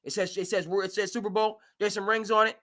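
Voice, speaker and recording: Host, male, high bright voice, animated and emphatic live sports talk. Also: fast talker. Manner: animated, emphatic, mimics owners in asides.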